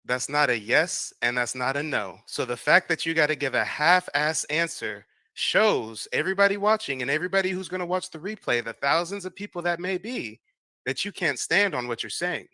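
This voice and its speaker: Confrontational American male host, higher-pitched and bright, mocking interrogator. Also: expressive, moderate pace, no room sound. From United States. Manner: mocking, interrogating, repeats demands. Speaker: livestream host. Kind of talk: confrontational live debate.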